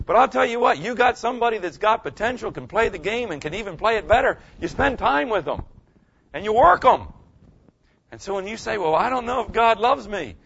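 A man's voice: high voice, expressive, a little fast, vocal fry, fairly bright tone, husky, dull audio. An older male pastor giving a folksy, conversational sermon, often checking in with his listeners. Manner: folksy, conversational preaching, asks the audience "okay?" often.

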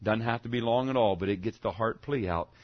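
A man preaching a sermon, swinging between loud, fervent cries and hushed, low lines. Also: brisk, lo-fi sound.

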